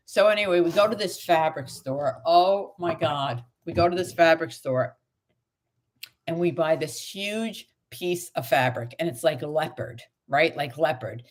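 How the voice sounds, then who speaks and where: A middle-aged woman with a slightly low voice chats casually on a live stream. She tells animated stories and slips into the voices of the people she quotes, then turns to reading cards for her viewers. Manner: animated storytelling, acts out quoted dialogue. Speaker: tarot reader.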